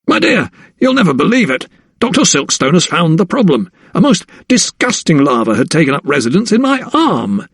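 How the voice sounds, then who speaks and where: A man's voice: fairly high pitch, animated, normal speed, vocal fry, few pauses, husky, no room sound, studio quality, pitched above the performer's own voice, heavily acted. A man voicing a pompous, jovial Georgian merchant with a raised voice, in an audiobook. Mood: gleeful. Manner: jovial, then scolding.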